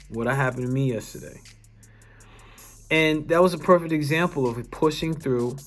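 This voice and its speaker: A young adult man with a mid-range voice, working as a wellness coach, tells a personal story to camera. He's earnest and emphatic, restarting sentences and swearing now and then.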